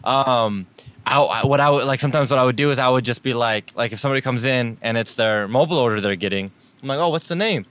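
A man's voice: medium pitch, fast, a bit bright, clear, resonant tone. A young man from the Middle East, hosting a casual chat and telling a story with lots of laughter, acting out both sides of the conversations. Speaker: podcast host telling a story.

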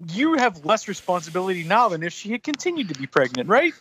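A man's voice: sits high, sing-song, fast talker, bright, forceful tone, slight background noise. A man in casual chat who laughs a lot and adds crude jokes to a friend's story.

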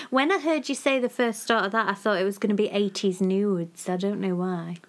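A woman's voice: medium pitch, moderate pace. A woman, co-hosting a casual chat in a playful, teasing way and laughing often. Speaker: podcast co-host.

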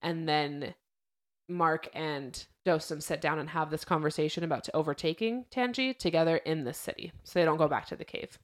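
A young woman chats casually as a podcast host, with a fairly low voice. She retells events in a loose, lively way and acts out what people said. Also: normal speed. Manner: chatty storyteller, acts out quotes.

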